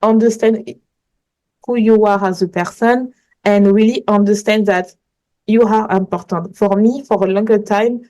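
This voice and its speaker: Mellow-voiced woman. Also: medium pitch, fairly even intonation, measured pace, poor audio. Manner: earnest, rambling storytelling in non-native English. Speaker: manifestation coach, podcast guest. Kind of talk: casual interview chat.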